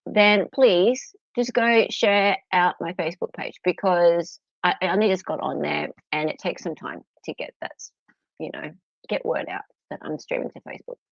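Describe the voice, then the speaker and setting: Chatty and giggly, a middle-aged Australian woman welcomes viewers to her casual home livestream. Her fairly low voice is creaky and moves at normal speed, with no room sound and slightly dull lo-fi audio.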